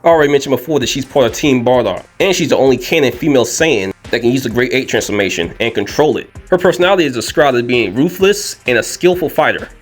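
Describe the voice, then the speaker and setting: A man giving casual comedic commentary, animated and joking, jumping up in pitch for emphasis. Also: fast talker, few pauses, soft background music. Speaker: video commentator.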